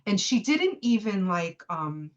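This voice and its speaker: A woman in her fifties who is a podcast guest, telling a personal story in a lively way and acting out the dialogue with "I go" and "she goes" quotes. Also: mid-range voice, unhurried, muffled recording. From New York City. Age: 50s. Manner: chatty, with frequent fillers and restarts.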